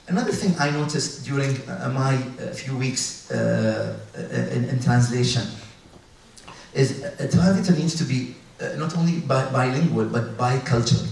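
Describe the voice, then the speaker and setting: A man from the UAE giving a conference talk with slides, halting often with fillers and restarts. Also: mid-range voice, creaky, darkish tone. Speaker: conference speaker. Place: large conference hall. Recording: echoey hall, distant mic, faint noise.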